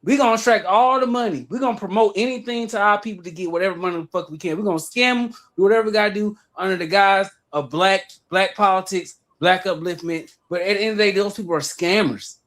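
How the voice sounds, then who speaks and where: A man's voice: sits high, fast talker, few pauses, fairly bright tone. A man from Atlanta with an Atlanta Southern accent, ranting emphatically and profanely on a livestream, often repeating himself. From Atlanta, Georgia. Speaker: livestream guest. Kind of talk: heated livestream rant.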